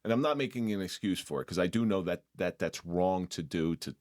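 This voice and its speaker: A man's voice: sits low, brisk, a little mellow. A middle-aged man hosting a podcast in casual conversation. He jokes and teases, and often restarts his sentences. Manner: joking, teasing, with frequent restarts. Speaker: podcast host.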